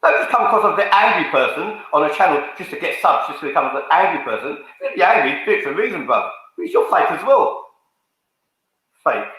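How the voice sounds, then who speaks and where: Brief: man, bright high voice, confrontational swearing rant, very echoey room. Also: sing-song, fairly quick. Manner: confrontational, swearing, repetitive, calls people out. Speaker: fan channel YouTuber. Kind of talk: angry rant to camera.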